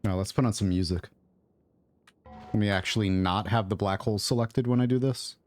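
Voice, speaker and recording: A man's voice: fairly low pitch, brisk, darkish tone, soft background music. A man streaming a game, talking casually and thinking aloud as he plays, rambling with mutters and asides. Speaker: gaming streamer. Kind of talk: casual gameplay commentary. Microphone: own microphone at desk.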